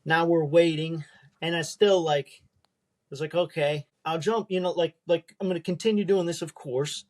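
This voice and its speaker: A man's voice: on the high side, steady tone, normal speed. A young man as a podcast guest, chatting casually and rambling with many fillers. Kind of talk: casual chat.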